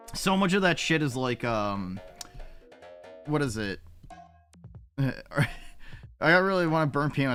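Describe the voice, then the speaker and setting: Young male streamer, crude and rambling, bright lively voice with faint music underneath. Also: mid-range voice. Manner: profane, rambling, reacting to chat. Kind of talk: casual live-stream chat.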